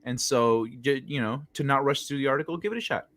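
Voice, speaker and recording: A man's voice: medium pitch, a little fast, a bit bright, dry recording. A man hosting a casual gaming live stream, rambling with lots of fillers and sometimes losing his train of thought. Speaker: host.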